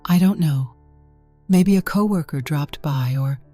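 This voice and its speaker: A woman's voice: low voice, unhurried, dark tone, faint music behind. A woman voicing an anxious, secretive husband who answers in a trembling, evasive way. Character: anxious secretive husband, middle-aged man.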